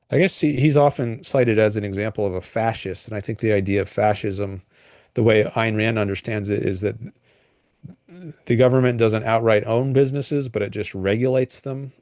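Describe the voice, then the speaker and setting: A man hosting a solo livestream, talking through political ideas in a thoughtful, hesitant way with frequent pauses and restarts. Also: fairly low pitch, darkish tone, no echo, studio quality. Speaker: livestream host. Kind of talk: casual solo commentary.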